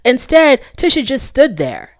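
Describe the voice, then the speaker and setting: A woman hosting her own channel and recapping a reality show in a casual, opinionated way. She is animated and repeats her points for emphasis. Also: high voice, unhurried, no room sound, studio quality.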